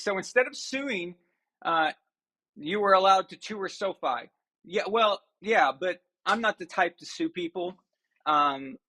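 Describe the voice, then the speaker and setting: A man's voice: on the high side, bright, forceful tone. A man hosting a sports live stream, chatting casually and ranting with mock outrage to his viewers.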